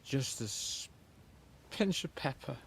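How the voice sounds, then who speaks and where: A man's voice: mid-range voice, animated, takes it slowly, fairly bright tone, a little hiss or hum. An actor playing a starving, crude male soldier in a video game, grumbling and swearing. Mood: hungry grumbling. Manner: coarse, grumbling, swears freely.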